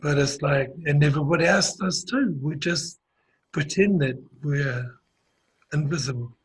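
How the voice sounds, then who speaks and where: A man's voice: on the high side, unhurried, husky, poor audio. A man with a New Zealand accent chatting casually, telling a story in a rambling way with many restarts and fillers. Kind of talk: casual conversational chat.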